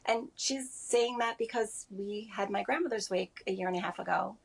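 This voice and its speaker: Husky-voiced grieving woman, halting. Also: medium pitch. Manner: halting, soft-spoken, many pauses and fillers. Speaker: interview guest. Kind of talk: remote news interview.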